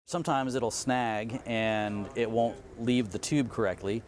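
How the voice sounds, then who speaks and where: A man's voice: medium pitch, fairly even intonation, a little slow. A man, a Navy chief petty officer, explaining his work aboard a submarine in a plain, matter-of-fact way during an interview. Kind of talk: interview answers.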